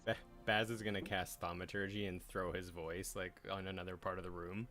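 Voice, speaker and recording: A man's voice: deep voice, level tone, a little fast, pushed and bright, soft background music. A man playing in a tabletop game, describing his character with amusement and laughter. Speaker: player.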